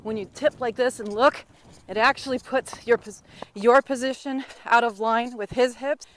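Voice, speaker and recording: A fairly high-voiced woman coaching riders while she lopes a horse through an outdoor arena. She keeps her talk encouraging and teasing, and the wind and the horse's movement carry through her voice. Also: fairly even intonation, normal speed. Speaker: riding instructor.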